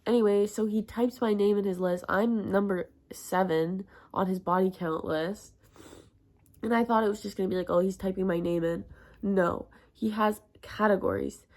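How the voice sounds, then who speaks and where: A young woman chatting through a casual storytime with a gravelly, fry-laced voice. She talks in a crude, self-mocking way, leaning on "like" at every turn, at an ordinary middle pitch. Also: steady tone, normal speed, a little mellow. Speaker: vlogger.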